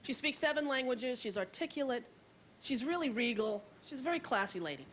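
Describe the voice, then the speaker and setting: A woman in her thirties performing a brash, fast-moving stand-up comedy set, acting out other people's lines, with an audience laughing. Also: on the high side, expressive, fairly bright tone, rough recording. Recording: old VHS tape with hiss.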